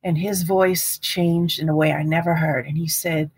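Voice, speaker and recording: A woman in her fifties, a guest speaking about partner abuse in a casual podcast conversation, earnest and animated, acting out the people she quotes. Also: sits low, moderate pace, hardly any pauses, husky, no echo. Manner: earnest, animated storyteller who acts out quotes.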